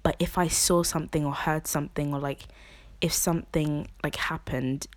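A woman's voice: low voice, steady tone, moderate pace, no echo. A young woman, talking frankly on her podcast in a rambling way, full of "like" and restarts. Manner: rambling, lots of filler "like", frank and personal. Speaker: podcast host. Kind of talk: casual confessional podcast chat.

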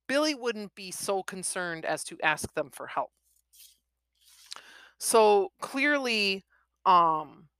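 Bright-voiced woman reading and critiquing. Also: fairly low pitch, clear, resonant tone, no echo. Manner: thoughtful, with many fillers. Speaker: reader and writing commentator. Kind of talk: reading a novel aloud with craft commentary.

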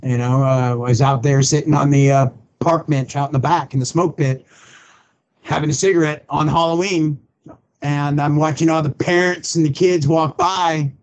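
A man in the pastor's chair tells his own story in plain, blunt words and acts out the people he quotes. His voice sits slightly high for a man. The recording has a muffled, lo-fi tone. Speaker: pastor and podcast guest. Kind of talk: personal testimony in conversation.

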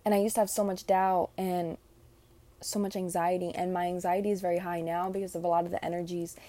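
A woman's voice: lowish voice, level tone, fast talker, mellow. A young woman of Puerto Rican background hosting a reflective solo podcast, speaking earnestly and from the heart with many fillers. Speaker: podcast host.

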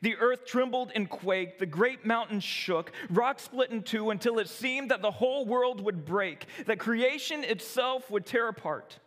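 High-voiced man narrating a storybook. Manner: expressive, dramatic, slowing for solemn moments. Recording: long reverb.

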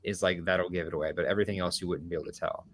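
An American man hosting a casual podcast chat, curious and questioning, quick to laugh. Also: sits low, fairly even intonation, a bit bright. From United States. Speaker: podcast host.

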